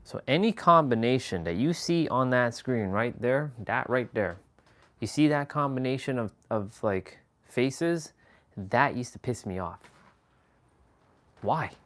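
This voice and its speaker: A man's voice: mid-range voice, lively intonation, a little slow. A man in the middle of his range chats casually to his live stream viewers. He rambles through his thoughts in a loose, slangy way and drops in chuckling asides. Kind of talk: casual chat.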